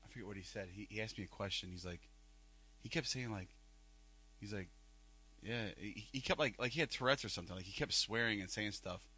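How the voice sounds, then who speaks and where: A man's voice: lowish voice, a little fast, sharp tone, slightly rough. A man co-hosting a podcast, telling a rambling story in casual chat, full of fillers and restarts. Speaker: podcast co-host. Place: Cleveland, Ohio.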